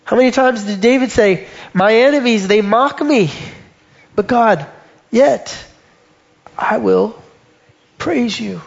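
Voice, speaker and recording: A man with a high, light voice preaches a sermon with emphasis, slowing and softening almost to a whisper on quoted lines. The recording is dull and muffled. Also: vocal fry.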